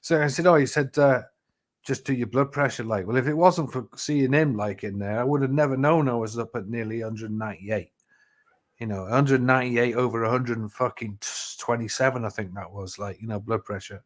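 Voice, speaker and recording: A man's voice: mid-range voice, brisk. A man telling stories in a casual chat, rambling and swearing freely with lots of "you know". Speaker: live chat host.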